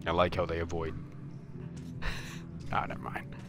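A young man streaming a game live, rambling through anecdotes in a halting, self-mocking way. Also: low voice, monotone, music in the background.

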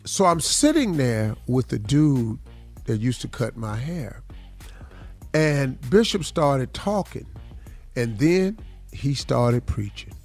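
Taking it slowly, a male morning show host in the studio speaks in a mid-range voice with big swings in pitch, faint music behind him. He's relaxed and slangy, often saying "dog" and "man," as he shares stories and motivational thoughts.

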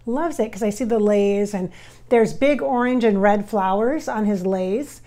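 Woman medium chatting to viewers, warm mellow voice, lots of "like" and trailing off, drops quiet sometimes. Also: medium pitch. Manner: halting, filler-heavy, addresses viewers directly; often drops to soft, near-whispered asides. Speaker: spirit medium. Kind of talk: casual channeling session.

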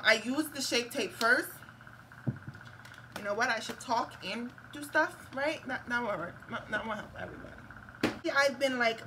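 With a fan going in her room at home, a young woman chats casually through her makeup tutorial, laughing and swearing often. She's a beauty vlogger with a medium-pitched voice, and background noise is audible.

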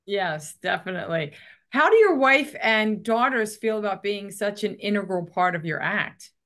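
A woman's voice: medium pitch, animated, normal speed, fairly bright tone. A woman co-hosting a talk show and asking her guest short, friendly questions. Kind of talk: interview hosting.

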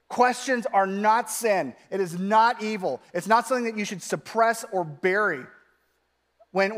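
A man preaching as a pastor, talking in a casual, animated way with lots of "like" fillers. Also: high-pitched, in a large hall. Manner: conversational, animated, frequent "like" fillers. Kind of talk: sermon.

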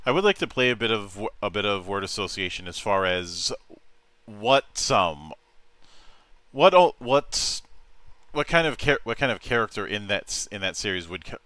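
A man hosting an interview, asking questions in a halting way with frequent restarts. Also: on the low side, sharp tone, no room sound. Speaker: host.

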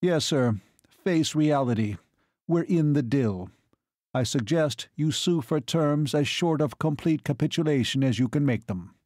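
A man's voice: fairly high pitch, a little slow, darkish tone, no room sound, pitched above the performer's own voice. Heavy, curt army marshal for an audiobook, read by a man; dry, close voice. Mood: blunt. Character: gruff blunt older male army marshal.

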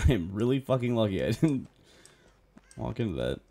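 A man's voice: lowish voice, big pitch swings, normal speed, vocal fry, dark tone. Laughing, swearing young male streamer. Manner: laughing, swearing, joking with teammates. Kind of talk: casual gaming commentary.

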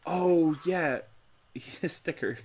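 A young man, co-hosting a gaming video, chatting in a laid-back, halting way while he plays. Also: fairly high pitch, darkish tone, husky. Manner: laid-back, halting, full of fillers and restarts. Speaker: gaming co-host. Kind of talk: casual chat while playing a horror game.

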